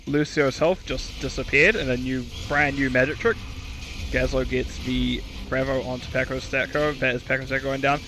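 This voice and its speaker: A man's voice: medium pitch, steady tone, moderate pace, over music. A man calling a video game match alone, in a mid-range voice. He talks in a chatty, joking way and stumbles over names before correcting himself. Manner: chatty, self-mocking, trips over names. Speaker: esports caster. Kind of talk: solo game commentary.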